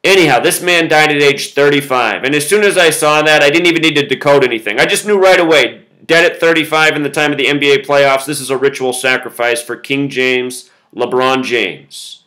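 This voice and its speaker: Bright-voiced insistent male video host. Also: a little high, brisk, hardly any pauses, poor audio. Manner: insistent, explains with numbers, quotes song lyrics. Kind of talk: solo monologue video.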